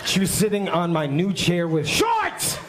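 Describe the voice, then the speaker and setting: A man doing a stand-up comedy set with a rambling, dry delivery and quick asides. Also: high-pitched, huge pitch swings. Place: comedy stage. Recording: heavy background noise.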